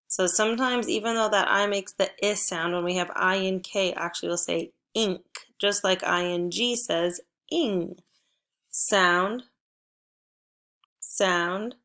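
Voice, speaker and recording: Slow-paced teacher woman with a creaky voice. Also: medium pitch, a bit bright. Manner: slow, clear prompting with pauses. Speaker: first grade teacher. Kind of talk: phonics lesson for children.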